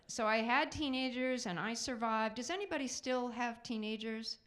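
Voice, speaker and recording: A middle-aged woman doing a stand-up comedy set on a theater stage, chatty and self-mocking, with quick asides to the audience. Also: fairly high pitch, lively intonation, fairly bright tone, slight background noise.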